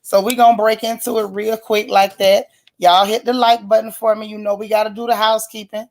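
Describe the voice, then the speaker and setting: A woman's voice: mid-range voice, level tone, fairly quick, darkish tone, a little hiss or hum. A woman hosting a casual live stream, chatting in folksy slang and greeting viewers one by one by name. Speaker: livestream host.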